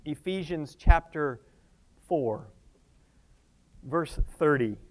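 A pastor preaching a fervent sermon, calling out Hallelujahs and Amens and now and then laughing at himself. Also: male voice, on the high side, lively intonation, drawn-out words.

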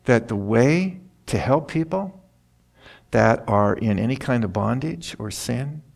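Older male preacher, low-ish gravelly voice, folksy sermon style, reads King James verses aloud. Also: darkish tone. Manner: conversational Bible teaching with personal stories.

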